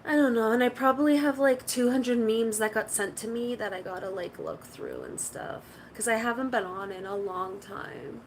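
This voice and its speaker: A woman's voice: fairly high pitch, expressive, normal speed, hardly any pauses, a little hiss or hum, poor audio. A woman chatting casually to her stream viewers, rambling through stories with lots of "like". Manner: rambling storytelling, full of "like". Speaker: live streamer.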